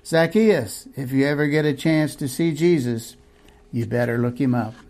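Cheerful sincere former blind beggar, friendly as a preacher plays him. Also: male voice, medium pitch, normal speed, darkish tone, lightly acted. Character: Bartimaeus, healed blind man, cheerful and sincere.

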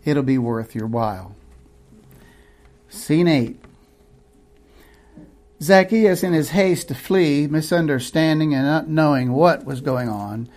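A man's voice: mid-range voice, darkish tone. Male preacher, dramatic sermon storytelling, vivid scene-by-scene narration.

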